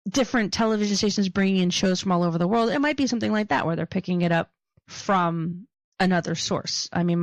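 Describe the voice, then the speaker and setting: A woman's voice: on the low side, gravelly, dry recording. A woman with a Philadelphia accent, a podcast co-host chatting casually and joking as she goes. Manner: chatty, joking, laughs often. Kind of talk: casual chat.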